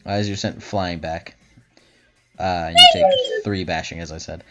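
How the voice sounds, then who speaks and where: A man narrating as game master in a tabletop game, talking haltingly with many fillers and restarts. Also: deep voice, huge pitch swings, bright, forceful tone. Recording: dull lo-fi audio with faint music.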